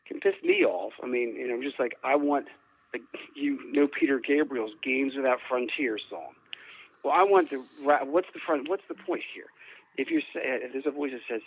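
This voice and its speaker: Over a tinny phone-like connection, a man with a medium-pitched voice and vocal fry is interviewed as a paranormal investigator about paranormal recordings. He rambles, restarting often and repeating words in the conversational exchange.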